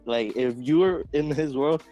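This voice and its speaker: A male co-host chatting casually and excitedly on a podcast. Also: a little high, a little slow, muffled recording, soft background music. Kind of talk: casual chat.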